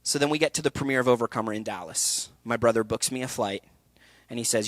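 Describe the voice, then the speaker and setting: A young man with a bright, forceful voice tells an animated personal story to a festival audience. His delivery is candid and energetic. The sound is dry and close. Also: medium pitch, fast talker, no echo. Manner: energetic, candid storytelling with laughs and acted quotes. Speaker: actor and speaker. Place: event hall.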